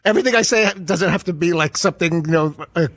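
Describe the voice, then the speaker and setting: A man co-hosts a radio show in a high voice and talks fast. He needles his partner with rhetorical questions. The sound is dry and close. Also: fairly bright tone, dry recording. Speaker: radio co-host. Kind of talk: call-in radio chat.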